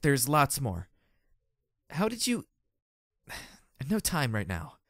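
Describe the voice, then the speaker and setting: A hoarse man voicing a tough female pony scavenger in an audiobook reading. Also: medium pitch, wildly swooping pitch, slow, fairly bright tone, no echo, clean studio sound, voice pushed up, full character voice. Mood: urgent.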